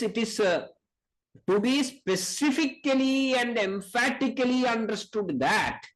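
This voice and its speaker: Indian man, lecturer, slow deliberate delivery, lively rising and falling pitch. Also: poor audio. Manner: slow, emphatic, repeats key points, quotes Sanskrit verses. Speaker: Ayurveda lecturer. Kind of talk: academic lecture.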